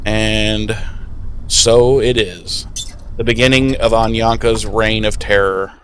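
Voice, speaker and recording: A man's voice: on the low side, steady tone, slow, a bit bright, a little hiss or hum. A man hosting a podcast, casually recapping an episode with profane, sarcastic asides. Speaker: podcast host.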